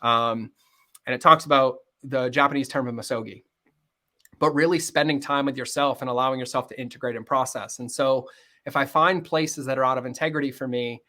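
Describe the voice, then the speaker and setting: A middle-aged man speaking candidly as a podcast guest, earnest and fast-flowing, often acting out bits of dialogue. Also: mid-range voice, fairly even intonation, bright, forceful tone. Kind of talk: candid interview conversation.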